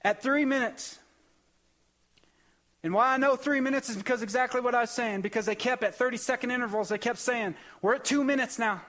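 High-voiced impassioned male preacher. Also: fairly even intonation, fairly quick, a bit bright. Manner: emotional, impassioned storytelling with rising bursts. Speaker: pastor. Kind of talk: sermon testimony.

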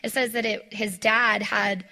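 Chatty woman Bible study leader, bright and a bit gravelly, talks straight to her group. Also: medium pitch, little pitch movement, a little slow. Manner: chatty, lots of "like", acts out quotes; talks to the audience directly. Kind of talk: casual devotional teaching.

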